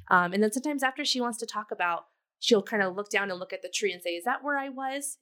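A woman's voice: medium pitch, fairly bright tone. Reflective woman telling a parenting story. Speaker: co-host. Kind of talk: casual parenting podcast chat.

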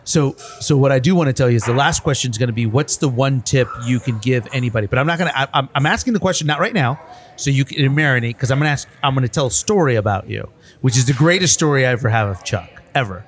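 A man hosts a relaxed workplace chat. He tells stories with a lot of energy, stumbles and repeats words, and keeps his voice in a middle pitch. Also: quick pace. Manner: animated storyteller, repeats words, says bro. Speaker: podcast host. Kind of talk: casual conversation.

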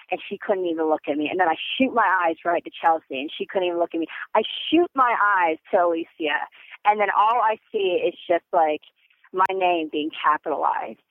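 A young woman on a phone call as a podcast guest, talking in an excitable, rambling way with many fillers. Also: fairly low pitch, no room sound. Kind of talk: phone interview. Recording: tinny phone line.

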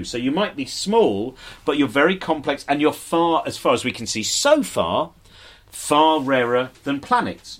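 A comedian talking live on stage to a bookshop audience, rambling and self-deprecating, with quick asides and exaggerated voices for the people he quotes. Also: on the high side, a bit bright. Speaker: comedian and broadcaster, guest.

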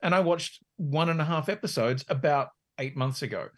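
Woman co-host, lively pitch, husky, rambling, swears a lot, casual podcast chat. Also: moderate pace.

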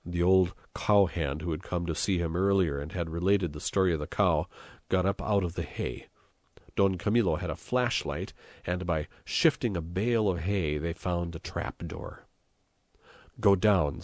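A man narrating an audiobook at a measured storytelling pace. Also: low-pitched, darkish tone, no echo, studio quality. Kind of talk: scripted narration.

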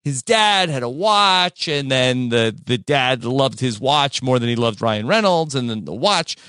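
A man hosting a casual podcast, recapping a film in halting talk full of fillers. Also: medium pitch, expressive, pushed and bright, clear, resonant tone, dry recording, clean studio sound. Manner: halting, many fillers, chuckles often. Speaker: podcast host. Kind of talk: casual chat.

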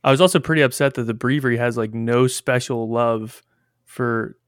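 Excitable man on a podcast, dry sound. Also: mid-range voice, normal speed, clean tone, no echo. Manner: excitable, enthusiastic. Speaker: military chaplain. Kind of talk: casual podcast chat.

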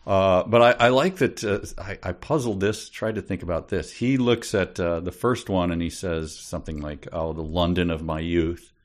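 A male co-host with a very low voice, talking in a musing, meandering way. He drifts between ideas in a relaxed, casual chat. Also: moderate pace, hardly any pauses. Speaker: podcast co-host. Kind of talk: casual book discussion.

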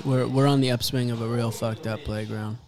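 A man's voice: mid-range voice, fairly even intonation, fairly quick, a little mellow, soft background music. A man in casual podcast chat who chimes in with short, dry remarks.

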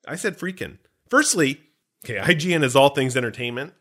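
A man co-hosts a podcast in loose, joking banter. His voice is bright and forward, and his pitch swings widely as he teases himself and his partner. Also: fairly quick. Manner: animated, self-mocking and joking. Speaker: podcast co-host.

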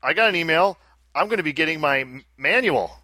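A man from the United States hosting a casual podcast, sarcastic and deadpan. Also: on the high side, brisk, no room sound. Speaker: podcast host. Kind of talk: casual chat.

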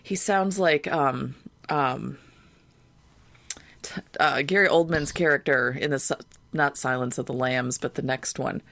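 A woman co-hosting a podcast in casual chat, animated and laughing often. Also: very deep voice, unhurried, no echo. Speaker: podcast co-host.

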